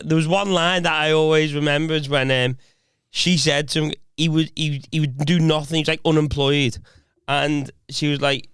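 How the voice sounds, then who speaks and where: A man's voice: a little high, steady tone, brisk, hardly any pauses, fairly bright tone, smooth, dry recording, clean studio sound. A man, co-hosting a casual podcast and telling stories in friendly banter. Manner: storytelling, reads from a search result aloud. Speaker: podcast co-host.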